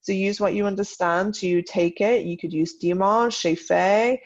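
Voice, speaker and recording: Woman teaching french, real slow and careful, bit of vocal fry, dull lo-fi sound. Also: mid-range voice, fairly even intonation. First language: English. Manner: slow, deliberate modelling of French sentences. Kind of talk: recorded online lesson. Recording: dull lo-fi audio.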